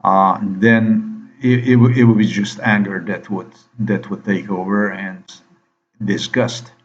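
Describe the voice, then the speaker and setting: A man with a lowish voice rants in a long, repetitive monologue, hammering the listener with questions. The sound is dull and lo-fi. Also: level tone, slow. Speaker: vlogger. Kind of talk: rambling monologue to camera.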